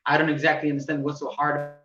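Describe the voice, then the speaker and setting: A man teaching religious laws to a class, explaining step by step with halting repeats and gestures. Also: on the high side, little pitch movement, fairly bright tone. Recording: echoey room, distant mic, dull sound with faint noise.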